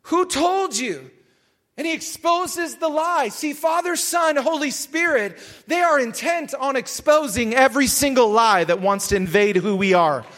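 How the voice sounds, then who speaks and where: A male preacher with a strikingly high voice delivers a sermon. His tone is bright and forceful. He hammers his points home by repeating phrases and now and then lifts into a shout. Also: moderate pace, hardly any pauses.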